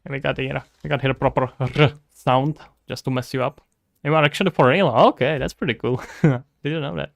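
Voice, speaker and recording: Gravelly Czech-accented man streaming. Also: mid-range voice, fairly quick, no room sound, studio quality. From Czech Republic. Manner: chatty, joking, thinking aloud. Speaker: game developer streamer. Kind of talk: casual livestream chat.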